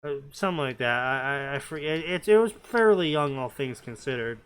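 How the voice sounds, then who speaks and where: A man's voice: medium pitch, expressive, fairly quick, fairly bright tone, clear, resonant tone. A man reading fanfiction aloud and breaking off into sarcastic, nitpicking commentary, often stammering as he restarts his sentences.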